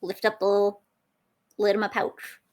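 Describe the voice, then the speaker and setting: A woman's voice: medium pitch, completely flat delivery, a little slow, a little mellow. A woman playing a tabletop game, talking casually and hesitantly. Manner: hesitant with fillers. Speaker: player.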